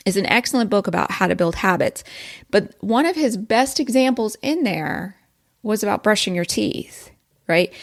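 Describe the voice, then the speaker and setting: Chatty woman hosting a safety podcast. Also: mid-range voice. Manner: animated and conversational, often asks "right?". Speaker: podcast host, safety professional. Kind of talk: casual solo podcast talk.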